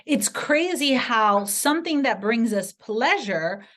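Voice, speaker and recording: A woman giving an earnest motivational sales pitch to camera, speaking directly to the viewer and telling personal stories. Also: expressive, slow pace, a bit bright. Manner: earnest, direct, story-driven persuasion. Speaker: sales presenter.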